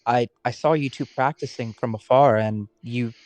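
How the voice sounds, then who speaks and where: A man's voice: medium pitch, fairly even intonation, normal speed, a little mellow, dry recording, natural voice. A man voicing a polite, modest young rogue who speaks hesitantly. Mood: apologetic.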